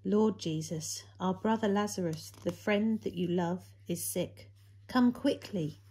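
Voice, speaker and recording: Earnest pleading sister, as a woman storyteller puts her on, husky, slow, storybook. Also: medium pitch, darkish tone. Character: worried grieving woman pleading with a friend.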